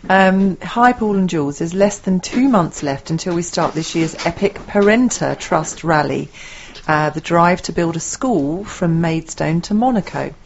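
A very low-pitched woman co-hosts a local radio show, bantering playfully between announcements. Her voice sits deep for a woman. The recording is dull and lo-fi with a faint hiss behind it. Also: unhurried. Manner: lively, playful banter with co-host. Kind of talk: chatty radio co-hosting and reading announcements. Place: radio studio. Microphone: studio microphone.

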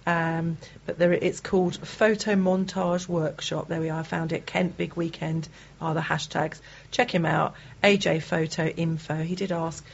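A middle-aged woman co-hosting a local radio show, chatty and quick to laugh. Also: sits low, flat delivery, gravelly. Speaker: radio co-host. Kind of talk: casual radio chat. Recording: dull radio studio sound with faint noise.

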